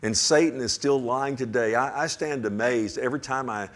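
An older man preaching a sermon in a folksy, rambling way, often asking the congregation "amen?" and swinging from hushed to loud and emphatic. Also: mid-range voice, normal speed.

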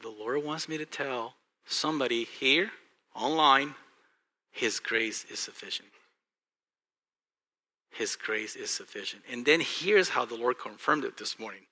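A male pastor with a Texan accent preaching a sermon, swinging from hushed, earnest passages to loud, excited bursts. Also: mid-range voice.

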